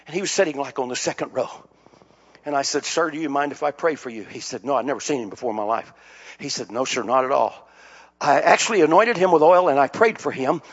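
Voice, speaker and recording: An older man preaching a sermon as pastor, telling stories and building to shouted climaxes. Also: mid-range voice, expressive, quick pace, husky. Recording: dull lo-fi sound.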